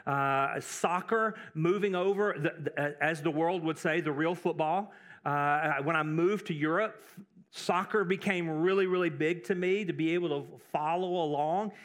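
A pastor from Texas giving a conversational sermon, breaking off into asides and repeating words for emphasis. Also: male voice, a little high, unhurried, a bit bright. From Texas, United States.

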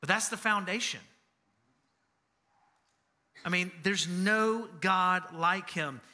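A man's voice: high voice, slow, sharp tone. A man preaching a sermon, earnest and personal, telling family stories and repeating key phrases for emphasis. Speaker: pastor.

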